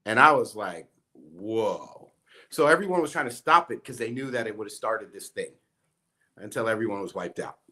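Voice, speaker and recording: A man's voice: fairly low pitch, lively intonation, a little fast, pushed and bright. A man casually recounting a story, acting out quoted dialogue as he goes. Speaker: guest.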